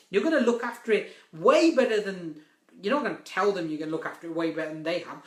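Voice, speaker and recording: A man's voice: sits high, bright, forceful tone, echoey room. A man giving a live-stream coaching talk on property investment, emphatic and repeating his key points.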